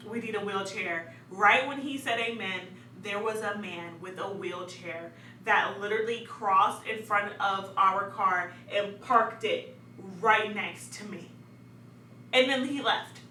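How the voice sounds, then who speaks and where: A young woman telling a story in a casual, animated way, laughing often and dramatizing events. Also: mid-range voice, takes it slowly. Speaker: vlogger. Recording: echoey room, distant mic, faint hum.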